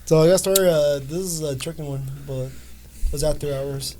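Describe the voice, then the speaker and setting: High-voiced giggly man on a podcast. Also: brisk, dark tone, slight background noise. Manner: giggly, profane, lots of filler agreement. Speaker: podcast co-host. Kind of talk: casual storytelling chat.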